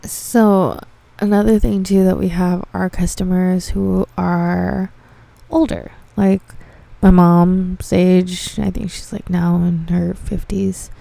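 A woman's voice: fairly low pitch, level tone, slow pace, gravelly, warm tone, no room sound. A young woman hosting a casual podcast monologue, rambling, swearing freely and filling with "like". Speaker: podcast host.

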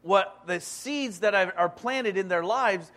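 A man preaching in a somewhat high voice, talking to his listeners like a friend. He drops into quiet asides, then turns loud and emphatic, stretching out key words. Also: unhurried. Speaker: pastor. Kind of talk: sermon with Bible reading.

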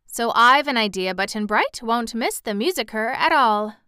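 A woman's voice: a little high, expressive, clear, resonant tone, no room sound, clean studio sound, voice pushed up. A woman playing a gracious young fairy princess. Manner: gentle, gracious and measured. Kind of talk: audiobook character reading.

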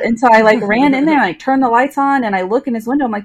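Woman, 30s, podcast host, casual chat, laughs easily, quotes herself, mid pitch. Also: rapid-fire, few pauses.

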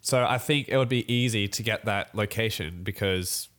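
A young man, telling a story in a casual podcast chat and acting out other people's voices as he goes. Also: on the low side. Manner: animated storytelling, quick laughs, acts out voices.

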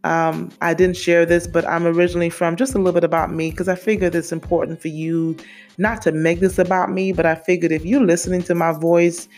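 Earnest Saint Lucian woman hosting a faith podcast, even-toned with a gravelly edge, repeats herself for emphasis. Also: lowish voice. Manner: earnest, repeats phrases, addresses listeners directly. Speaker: podcast host and therapist. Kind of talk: casual faith podcast monologue.

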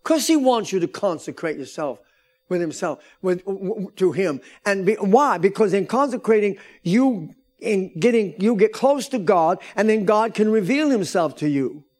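A man preaching a sermon, calling out for amens and rising into shouted emphasis. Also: sits high, animated, normal speed. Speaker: pastor.

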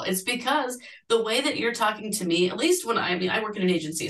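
A woman recruiter answering interview questions casually, acting out what candidates say in lively quoted voices. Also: medium pitch, recorded from a distance, low-quality recording. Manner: animated, acts out candidate quotes. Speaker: recruiter at an agency.

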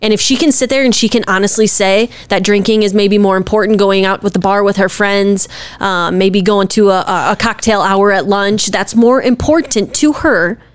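A woman's voice: medium pitch, moderate pace, clean tone, no room sound. A woman co-hosting a podcast with her husband, talking earnestly and emphatically in a conversational way. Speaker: podcast co-host, wife. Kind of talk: casual podcast chat.

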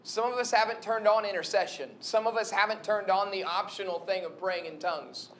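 A man's voice: high voice, a little fast, a little hiss or hum. A young adult man giving a conversational, storytelling sermon. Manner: conversational, storytelling, animated retelling. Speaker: preacher.

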